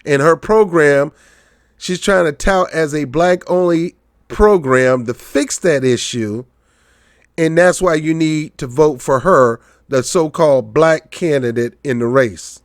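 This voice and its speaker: A man's voice: a little high, unhurried, no room sound. Mocking, joking man with a dry voice. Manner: joking, mocking, animated storytelling. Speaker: political commentary vlogger. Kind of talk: casual political commentary.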